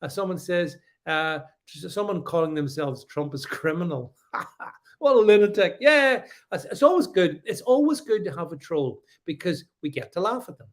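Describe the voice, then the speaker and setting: A man with a high-pitched, lively voice speaks at a moderate pace while hosting a political commentary livestream. He reads viewer comments and responds emphatically and sarcastically, stammering and restarting often amid his sarcastic asides.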